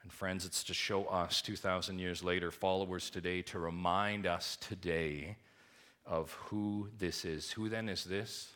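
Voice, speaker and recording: A man preaching a sermon to his congregation, with booming high emphasis that drops to quiet, hushed lows. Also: steady tone, measured pace. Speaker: pastor.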